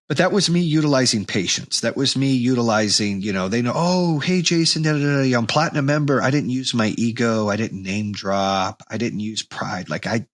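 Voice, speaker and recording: Husky blunt-talking man. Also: fairly low pitch, no echo. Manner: blunt, swears casually, animated when reenacting anger. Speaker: podcast host. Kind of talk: motivational monologue.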